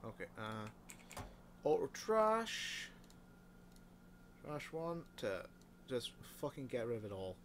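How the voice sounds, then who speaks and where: Though animated, this fairly low-voiced let's play host is unhurried, muttering and frequently swearing as he plays a factory-building game. He keeps hiccuping, and a little hiss or hum runs under the recording.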